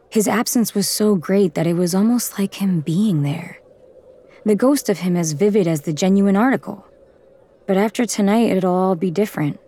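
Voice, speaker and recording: A woman reads a first-person audiobook in a low voice. Her delivery is measured and intimate, close and steady throughout. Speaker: audiobook narrator.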